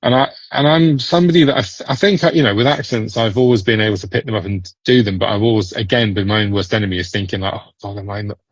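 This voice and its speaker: A man from Britain, a guest actor chatting in an interview, telling animated stories with frequent laughs and restarts. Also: fairly low pitch, fast talker, few pauses, slightly rough, no room sound, highs cut off. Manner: animated storyteller, laughs often, many restarts. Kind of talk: casual interview chat.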